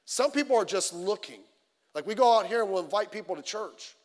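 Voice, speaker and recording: A pastor preaching a midweek sermon in a conversational, animated way, acting out the quotes in his stories. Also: sits high, fairly quick. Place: church sanctuary. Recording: long reverb of a church hall.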